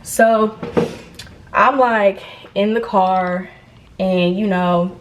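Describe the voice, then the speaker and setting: Young woman, storytime vlog, animated, profane slang, casual retelling. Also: medium pitch, drawn-out words, muffled recording, noisy background. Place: indoors, getting ready.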